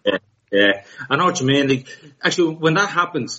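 A man's voice: fairly high pitch, animated, fairly quick, sharp tone. Man, muffled football podcast voice. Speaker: podcast co-host. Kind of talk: casual football chat. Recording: slightly muffled sound.

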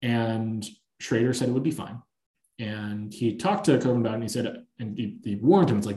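A man's voice: medium pitch, normal speed. Man talking films in an echoey room. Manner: animated, long-winded anecdote telling. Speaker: podcast host. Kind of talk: casual film-discussion chat.

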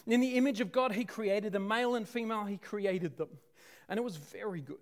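A man preaching a sermon, swinging from loud declarations to hushed, dramatic near-whispers. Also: high-pitched.

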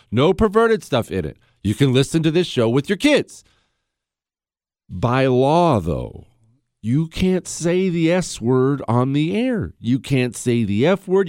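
A man hosts a talk radio show in a dry, close studio sound. His pitch runs a little high and swings a lot, and he tosses off quick jokes and asides. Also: no echo. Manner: animated, joking, quick asides. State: a bit sick, possible fever. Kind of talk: casual talk radio monologue. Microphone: studio microphone.

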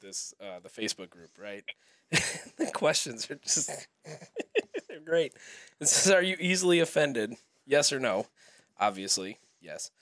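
A man's voice: mid-range voice, big pitch swings, a little slow, pauses often, a bit bright, dry recording. A man co-hosting a podcast, chatting casually with a dry, joking manner. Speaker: co-host. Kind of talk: casual chat.

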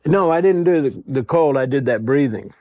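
A man's voice: mid-range voice, expressive, moderate pace, dark tone, dry recording. A man talking as a guest in casual chat, telling rambling, profane stories.

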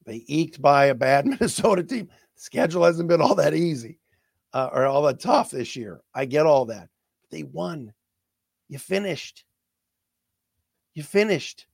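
A man hosting a sports talk show, his voice a little high for a man, stumbling and repeating words as emotion catches his throat. He sounds close and dry, with no room around him. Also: gravelly, a little mellow, dry recording. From not from the area of the team he covers.

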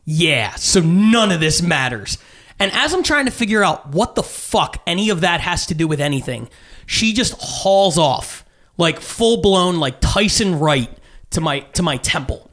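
A man's voice: sits high, normal speed. A man in his thirties, a stand-up comedian telling a story in casual chat and acting out the voices he quotes. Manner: animated, acts out quotes with swearing.

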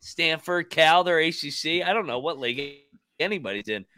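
A man's voice: fairly high pitch, lively intonation, moderate pace, sharp tone, dry recording. A man hosting a casual sports talk podcast, swearing and laughing a lot. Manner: profane, laughing, rambling. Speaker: podcast host.

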